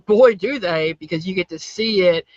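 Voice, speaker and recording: A man's voice: high-pitched, moderate pace, no room sound, dull audio. A man hosting a casual podcast about horror films, talking in an enthusiastic, upbeat way as he introduces award categories. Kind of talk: casual film discussion.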